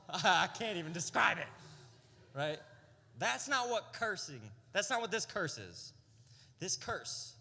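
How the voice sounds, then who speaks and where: A man's voice: sits high, pushed and bright. A young adult man, a youth pastor, giving a casual, story-driven sermon full of slang and rhetorical "right?" questions. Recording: long hall reverb.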